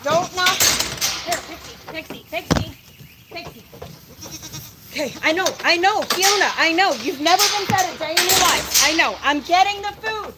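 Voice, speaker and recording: A woman's voice: very high-pitched, animated, moderate pace, very noisy. A woman farmer in a goat pen, scolding and coaxing her goats in an exasperated but affectionate way. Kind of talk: casual farm vlog. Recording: loud bleating goats in background. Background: goats and sheep bleating.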